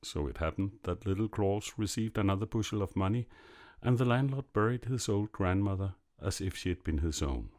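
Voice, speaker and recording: A man narrating a classic fairy tale in a measured, expressive reading. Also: low voice. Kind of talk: storybook narration.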